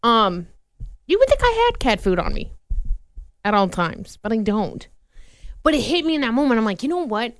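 A woman's voice: on the high side, sing-song, normal speed, pauses often, no echo. A woman co-hosting an afternoon radio podcast, bantering in an easygoing, self-deprecating way. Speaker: radio co-host. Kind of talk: casual chat. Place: radio studio.

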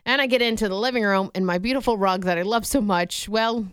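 A woman's voice: medium pitch, a little fast, fairly bright tone, clean tone, no room sound, clean studio sound. A woman co-hosting a radio show, telling a story in a chatty way and laughing often. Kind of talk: casual radio banter.

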